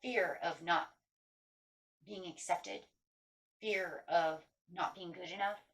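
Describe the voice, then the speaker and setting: A woman's voice: fairly low pitch, steady tone, slow pace, a bit bright. A middle-aged woman giving a chatty, casual tarot reading, breaking into anxious inner voices. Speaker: tarot reader.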